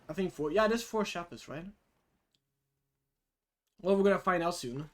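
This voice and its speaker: A man streaming live, commenting on a story game in an excitable, giggly, rambling way. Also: sits high, moderate pace, a little hiss or hum.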